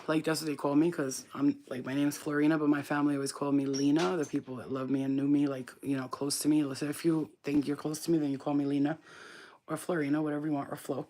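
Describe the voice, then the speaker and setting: A woman with a fairly low voice chats casually on a live stream. She is warm toward her viewers and slips into high cooing baby talk for her pet. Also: a little hiss or hum. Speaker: spiritual reader, channel host.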